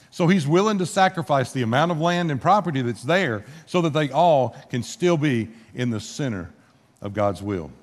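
A man preaching a sermon in a church, reading scripture aloud and then explaining it in plain conversational words. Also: mid-range voice. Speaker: pastor. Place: church sanctuary with a congregation. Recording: long hall reverb.

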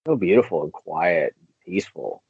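A man chatting casually about running marathons, telling stories with lively energy and acting out the voices of people he met. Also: low-pitched, normal speed, vocal fry, husky, no room sound. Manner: animated storyteller, acts out quoted voices. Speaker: marathon runner guest. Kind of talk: casual chat. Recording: tinny phone-like line.

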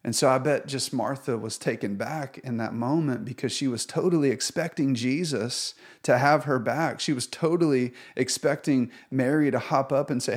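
Male American pastor, earnest and conversational sermon delivery, mid-pitched. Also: moderate pace, few pauses. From United States. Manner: conversational, earnest, animated retelling.

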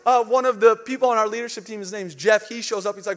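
A young man preaching a sermon as pastor, telling stories with animated outbursts and dropping to a soft hushed tone for reflective moments. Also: high voice, quick pace, hardly any pauses. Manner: animated storytelling, acting out panic with loud outbursts.

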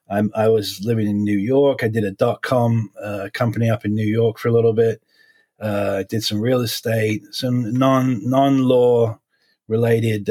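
A man in his forties, a defense attorney, talking in an interview in a halting, reflective way with many restarts. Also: fairly low pitch, a little mellow, slightly rough. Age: 40s.

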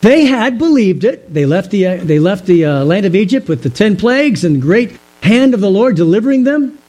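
A man with a fairly high, mellow voice teaches from scripture in a sermon. He talks in a measured, explanatory way and puts rhetorical questions to his listeners. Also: big pitch swings, low-quality recording. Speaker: pastor.

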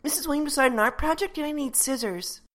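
A woman voicing an earnest, deadpan young girl telling her story in a comedy sketch. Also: high voice, fast talker, lightly acted.

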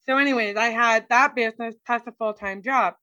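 Bright-voiced woman telling her story. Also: a little high, fairly even intonation, brisk, dry recording, low-quality recording. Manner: chatty, acts out quoted dialogue, many "like"s. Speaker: interview guest. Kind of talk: casual personal storytelling.

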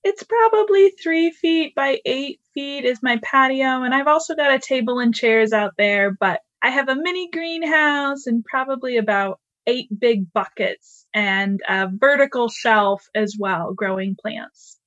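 A woman guest on a podcast, chatting in a relaxed, friendly way. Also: high voice, measured pace, hardly any pauses, no room sound, muffled recording. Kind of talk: casual interview chat.

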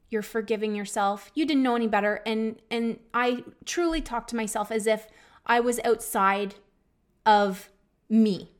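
Thirties woman hosting a self-help podcast; earnest and encouraging, a touch higher-pitched than most. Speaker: podcast host. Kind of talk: personal self-help talk.

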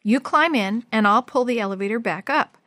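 A woman playing a calm, level-headed girl. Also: fairly high pitch, a little fast, no room sound, clean studio sound. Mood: steady. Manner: calm, decisive delivery.

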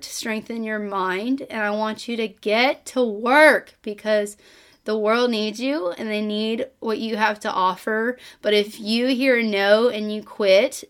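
Woman podcast host, emotional and choked up, earnest motivational monologue, halting with fillers. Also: mid-range voice, smooth. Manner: earnest, pep-talk delivery with repeated calls to action; frequent fillers and restarts.

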